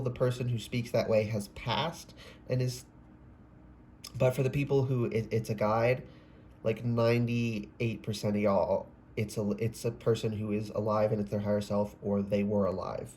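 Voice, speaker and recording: A man's voice: lowish voice, warm tone, a little hiss or hum. A man giving a casual, rambling tarot reading, often breaking off mid-sentence, swearing and exclaiming. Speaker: tarot reader.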